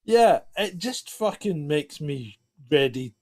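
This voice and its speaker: A man's voice: fairly high pitch, animated, slow pace. A man co-hosting a podcast, blunt, sweary and teasing, laughing often. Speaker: podcast co-host. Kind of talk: casual chat.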